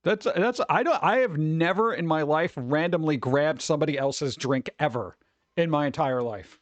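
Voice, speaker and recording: A man with a fairly high voice rambles through a casual stream, joking and launching into animated mock rants. He is heard close and dry on a desk mic, with no room sound. The delivery is loose and conversational. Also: moderate pace, no echo. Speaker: streamer host. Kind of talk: casual chat reacting to viewer messages.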